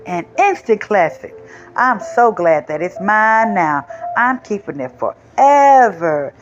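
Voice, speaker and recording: Lady doing a bossy little seed guy, sing-songy storybook voice, slow, kinda muffled audio. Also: medium pitch, lively intonation, faint music behind, pitched above the performer's own voice. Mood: pleased. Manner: emphatic, sing-song storybook delivery. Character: small boastful male seed, possessive.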